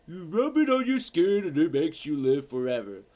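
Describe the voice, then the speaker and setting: A man's voice: on the high side, very animated, moderate pace, mellow. A man voicing a dim, goofy cartoon starfish who states things bluntly.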